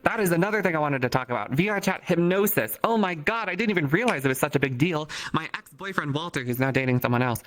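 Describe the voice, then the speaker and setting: A man as an interview guest in a casual chat, joking crudely in a deadpan way. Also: fairly high pitch, quick pace, hardly any pauses, slight background noise.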